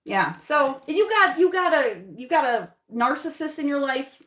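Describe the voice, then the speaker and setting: A woman with a fairly high voice gives a casual, chatty tarot reading straight to her viewers. She reassures them warmly and repeats her phrases for emphasis. The room around her rings with echo. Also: big pitch swings, a little slow. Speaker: tarot reader. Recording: echoey room.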